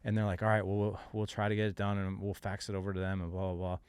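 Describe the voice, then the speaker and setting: A middle-aged man hosts a podcast with a lowish voice. He retells a story with animated, exasperated energy and acts out the voices of the people in it. The recording is dry and close. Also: fast talker, smooth, no echo. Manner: lively, exasperated retelling with acted-out quotes. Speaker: podcast host. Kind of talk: animated storytelling in casual chat.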